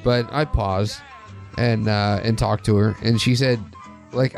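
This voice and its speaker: A man's voice: fairly low pitch, steady tone, a little slow, vocal fry, a little mellow, soft background music. A man hosting a podcast, chatting casually in a rambling way with frequent restarts and swearing. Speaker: podcast host. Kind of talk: casual chat.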